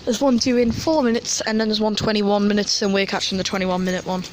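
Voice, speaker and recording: A man, rambling and excitable as he films a casual walk-and-talk vlog at an outdoor metro station. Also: high voice, fast. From North East England. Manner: chatty, rambling, excitable about train details. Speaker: transport vlogger. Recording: noisy outdoor station sound.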